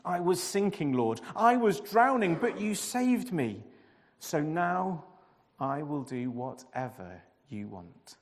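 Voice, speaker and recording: A man's voice: a little high, very animated, takes it slowly, long reverb tail, full character voice. A man doing a whiny, groaning prophet. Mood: prayerful. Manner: whiny, groaning, loud and strained. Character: grumbling, groaning adult male prophet, reluctant.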